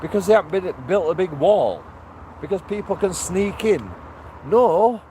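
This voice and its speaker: Guy, fairly high-pitched, profane street rant to camera, faint passing traffic. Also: normal speed, warm tone. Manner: heated, profane ranting. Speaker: vlogger. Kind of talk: walking street vlog rant. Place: outdoors on a town street.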